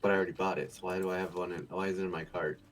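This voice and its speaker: Laid-back, low-voiced man cursing bluntly. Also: fairly even intonation, very fast, rough recording. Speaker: streamer. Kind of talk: casual chat.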